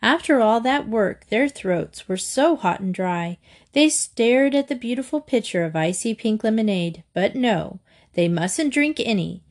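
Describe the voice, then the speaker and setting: A woman reading a children's chapter book aloud, gentle and expressive. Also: a little high, measured pace. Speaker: audiobook reader. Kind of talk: storybook narration read aloud.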